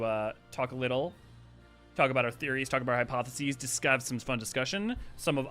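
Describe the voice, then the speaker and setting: A young man hosting a casual livestream, rattling off viewer greetings and chatting excitedly. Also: mid-range voice. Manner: greets chat viewers rapidly by name; animated, excited, with laughs. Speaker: livestream host.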